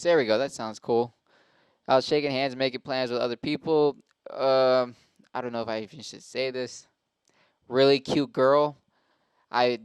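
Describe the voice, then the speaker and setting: A man's voice: medium pitch, clear, resonant tone, no echo. A man hosting a show and talking in a casual, rambling, profane monologue, often cutting himself off mid-sentence. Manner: profane, rambling, self-interrupting. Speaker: host and stand-up comic.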